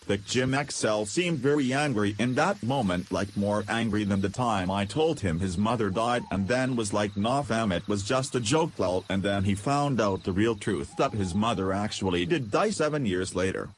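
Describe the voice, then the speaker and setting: A man narrating an absurd comic story in first person, deadpan and goofy. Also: lowish voice, moderate pace, few pauses, a little hiss or hum. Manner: goofy, deadpan, absurd humor with silly voices. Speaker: podcast storyteller.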